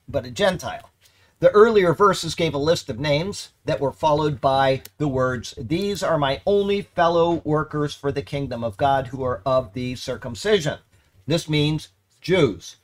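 Halting, self-correcting male Bible teacher. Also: on the high side. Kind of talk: verse-by-verse Bible commentary.

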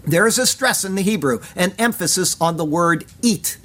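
A man's voice: sits high, animated, normal speed, a bit bright. Man giving earnest verse-by-verse Bible commentary. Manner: earnest, emphatic, reads Hebrew aloud. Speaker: Bible teacher.

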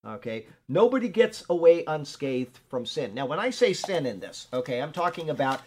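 A man's voice: fairly high pitch, big pitch swings, normal speed, darkish tone, husky. Earnest older man teaching a Bible class. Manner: conversational, earnest, frequent "okay?" check-ins.

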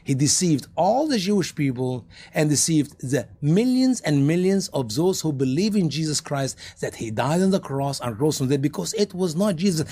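A man preaching a sermon with animated storytelling, rhetorical questions, and scenes he acts out in different voices. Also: on the high side, normal speed, few pauses, slightly rough.

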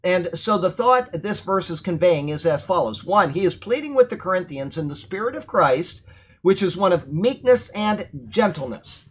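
Male Bible study teacher, husky, slightly high pitch; reads scripture then explains it. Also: expressive, moderate pace. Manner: explains verse by verse, reading then commenting.

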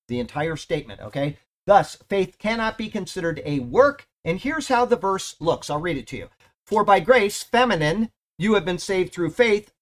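A man leads a Bible study in a slightly high voice. He reads commentary aloud and stops often to check that his listeners follow. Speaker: Bible teacher.

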